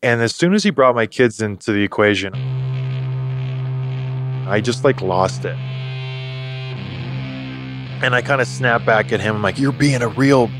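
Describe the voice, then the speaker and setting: A man being interviewed, telling a personal story in a relaxed, halting way with many restarts. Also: lowish voice, faint music behind. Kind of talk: casual storytelling.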